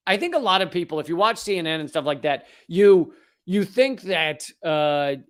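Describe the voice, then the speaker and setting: A man's voice: fairly high pitch, lively intonation, normal speed. A man hosting a live-stream commentary, reading from an article and breaking off into sarcastic, joking asides.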